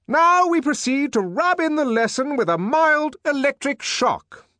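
A man voicing a pompous middle-aged male director in an audiobook, issuing loud, commanding, triumphant pronouncements. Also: high-pitched, wildly swooping pitch, takes it slowly, no room sound, pitched above the performer's own voice, exaggerated voice. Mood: bellowing. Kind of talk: audiobook character voice.

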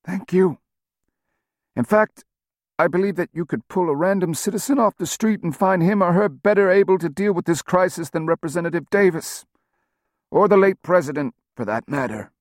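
Man doing a gravelly, nasal wounded president. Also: sits high, no echo, studio quality, pitched above the performer's own voice, natural voice. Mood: grim, defiant. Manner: slow, through clenched teeth, blunt. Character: gravely wounded older male president, defiant.

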